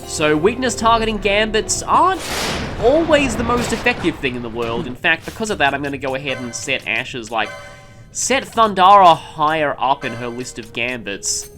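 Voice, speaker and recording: A man's voice: a little high, lively intonation, moderate pace, over music. Chatty man rambling over a game. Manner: rambling, with many ums and mid-sentence self-corrections. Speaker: let's play commentator. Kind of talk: casual gameplay commentary.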